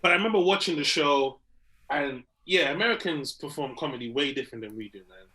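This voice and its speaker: A young comedian co-hosting a podcast, telling animated stories and acting out little scenes as he talks. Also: fairly high pitch, a little fast, rough recording. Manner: animated storyteller, acts out little scenes, laughs readily. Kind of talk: casual chat.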